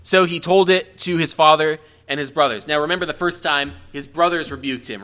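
Male Bible teacher, slightly high, bright voice, chatty and explanatory, restarts often. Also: fairly quick, hardly any pauses. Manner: conversational, explanatory, checks in with "right?"; frequent restarts and self-corrections. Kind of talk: verse-by-verse Bible study teaching.

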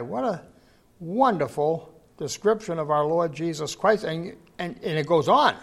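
A man with a fairly high voice leads a Bible study in an informal sermon style. He wanders through stories with many restarts, then slows down to read scripture with weight and emphasis. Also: expressive, creaky. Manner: rambling, anecdotal, many restarts; slow, emphatic scripture reading. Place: church gathering, in person.

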